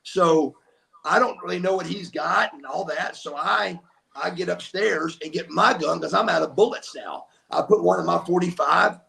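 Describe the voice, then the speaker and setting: An older man, a former wrestler appearing as an interview guest, tells stories in a high-pitched, creaky voice with a sharp tone at normal speed. His animated storytelling is emphatic, and he acts out what people said.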